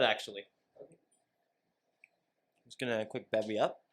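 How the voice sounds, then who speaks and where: Young guy, podcast co-host, rambles and jokes, swears a lot, mid-pitched. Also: fairly quick, fairly bright tone. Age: 20s. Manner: rambling, joking, swears freely. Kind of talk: casual chat.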